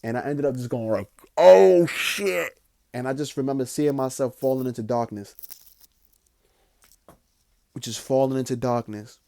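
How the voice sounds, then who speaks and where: A young man telling a personal story in a casual, animated way, swearing often and filling his talk with "like". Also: mid-range voice, normal speed, long pauses. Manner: animated, profane, frequent "like" fillers. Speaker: podcast host.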